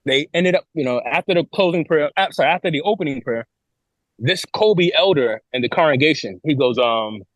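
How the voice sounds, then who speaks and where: As a podcast guest from New York, this man narrates his story rapidly and expressively, his fairly high, fairly bright voice jumping around in pitch while he performs other people's lines. He frequently restarts and repeats words, and the recording is close and dry with no echo.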